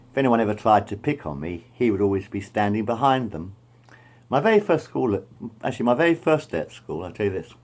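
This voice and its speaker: A middle-aged man rambles through school memories, repeating himself and correcting his details as he goes. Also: fairly low pitch. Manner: repetitive, meandering, self-correcting. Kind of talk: rambling personal storytelling.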